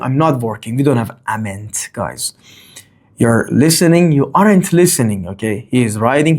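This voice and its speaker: Non-native male English teacher with a lively, up-and-down voice. Casual, rambling delivery. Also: mid-range voice. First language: not English. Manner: lively, rambling, fond of "okay?" and "let's say". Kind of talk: grammar lesson.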